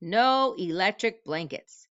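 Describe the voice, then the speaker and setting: An exasperated middle-aged farmer, as a woman reads him aloud, indignant and exclaiming at every new demand from his animals. The voice is bright and smooth, with lively pitch jumps. The recording is dry and slightly dull. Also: slow, no echo. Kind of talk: read-aloud storybook voice.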